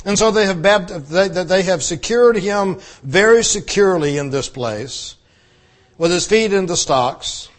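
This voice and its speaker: A man's voice: sits high, animated, a little slow. A male pastor preaching a conversational sermon, repeating phrases for emphasis.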